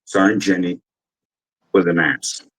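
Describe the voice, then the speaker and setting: A man's voice: deep voice, steady tone, a little slow, fairly bright tone, slightly rough, poor audio. A man in his forties, an army veteran telling a casual, rambling story full of cursing and fillers. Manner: rambling, profane, with many fillers.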